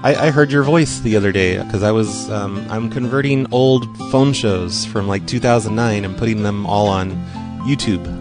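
Laid-back American host, low voice. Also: male voice, moderate pace, few pauses, over music. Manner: laid-back, rambling, offhand. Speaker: host of a phone prank show. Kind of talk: casual radio show talk.

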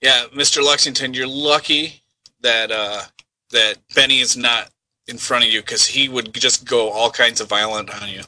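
Bright-voiced, playful male host. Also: medium pitch, steady tone, moderate pace, dry recording, rough recording. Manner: upbeat and playful, goads the caller. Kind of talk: prank call comedy.

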